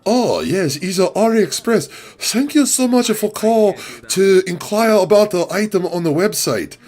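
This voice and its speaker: A man's voice: sits high, animated, measured pace, darkish tone, voice pushed up. A man voicing a very polite male online-shop phone operator who talks in broken English and recites long product titles. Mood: eager, salesy. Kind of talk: comedy impression bit.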